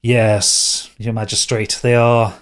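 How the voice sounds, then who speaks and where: A man's voice: on the low side, little pitch movement, takes it slowly, smooth. A man voicing a sneering, fawning young male prince who talks indignantly.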